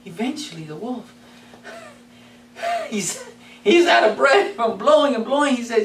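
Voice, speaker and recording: A man tells a story to a club with animated, playful energy. His voice sits high and moves a lot. He is picked up from far off in an echoing meeting room with a faint hum. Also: unhurried, long pauses. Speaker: club speaker. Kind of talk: storytelling speech.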